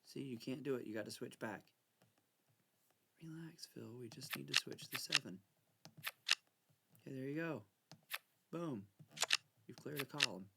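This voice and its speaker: A man casually commenting on a card game, excitable and mock-frightened, bickering back and forth as he plays. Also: medium pitch, moderate pace, gravelly, pauses often, heavy background noise. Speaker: channel host playing solitaire.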